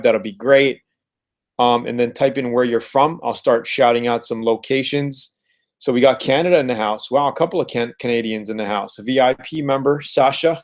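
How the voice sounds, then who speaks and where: Upbeat man hosting a live stream. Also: mid-range voice. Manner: upbeat, repeats words, shouts out viewers. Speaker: host of a live car-flipping webinar. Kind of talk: casual live-stream chat.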